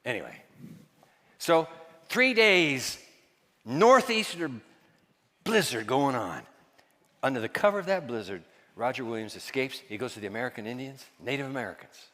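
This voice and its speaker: Animated preaching man in a reverberant hall. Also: mid-range voice, moderate pace, pauses often. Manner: animated preaching, quizzes the congregation, drops to hushed asides. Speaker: pastor. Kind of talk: sermon.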